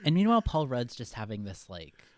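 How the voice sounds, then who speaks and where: In clean studio sound without any room tone, a young man at medium pitch chats about a movie as a podcast co-host. He talks a bit fast, relaxed and meandering, with many fillers.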